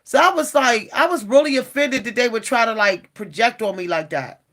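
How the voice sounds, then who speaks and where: A woman vlogger talks straight to her viewers in a casual, animated way, her bright, forceful voice fairly high and brisk. Exasperated as she vents, she keeps circling back and repeating herself.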